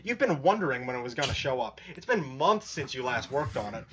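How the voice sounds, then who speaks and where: A man hosting a live stream, chatting excitably and reading a webcomic aloud with friends. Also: mid-range voice, background noise. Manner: excitable, quick to explain. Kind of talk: casual chat while reading a webcomic aloud.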